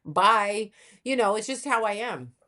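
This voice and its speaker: A woman's voice: medium pitch, normal speed. A woman guest on a podcast who works as an astrologer, speaking bluntly and swearing casually in a matter-of-fact way. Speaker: astrologer and psychic medium guest. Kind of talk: casual interview chat.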